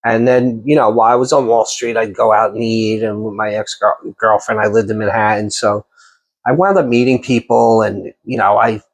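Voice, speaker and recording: A man's voice: lowish voice, moderate pace. Rambling New man telling stories. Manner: rambling, animated storyteller with many restarts. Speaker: podcast host and chef. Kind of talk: casual interview storytelling.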